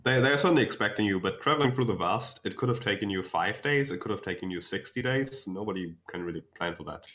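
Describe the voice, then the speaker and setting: A young man narrating as game master, explaining calmly with many fillers and restarts. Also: on the low side, fast talker.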